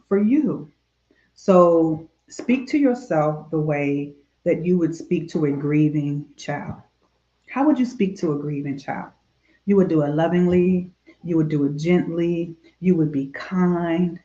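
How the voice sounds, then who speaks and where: A woman minister giving a gentle devotional talk on grief straight to camera, soft and repetitive, with many fillers and prayerful pauses. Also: fairly low pitch, echoey room, highs cut off.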